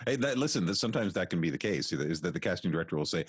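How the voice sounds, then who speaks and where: A Canadian voice actor, a man, talking through his work in a relaxed, thoughtful interview with many restarts. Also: low-pitched, racing, hardly any pauses, breathy edge, dry recording, studio quality. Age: middle-aged. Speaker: voice actor guest.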